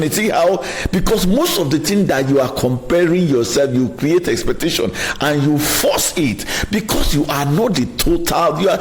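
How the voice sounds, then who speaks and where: Energetic, preachy male motivational host. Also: fairly high pitch, moderate pace, hardly any pauses, a little hiss or hum. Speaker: host of a motivational talk show. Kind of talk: passionate motivational talk.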